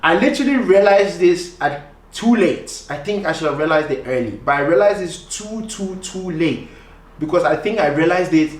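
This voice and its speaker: A young man co-hosting a couple's channel, speaking casually and straight to viewers with slang like bro and guys. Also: medium pitch. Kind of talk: casual chat. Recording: roomy room echo.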